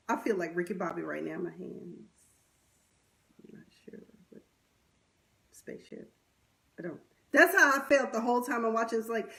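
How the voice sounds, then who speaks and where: A young woman with a slightly higher voice runs through an unscripted commentary recap. She talks with blunt, sassy exasperation, full of slang and asides. Her voice comes through a livestream webcam or phone mic. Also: fairly bright tone. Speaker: commentary vlogger.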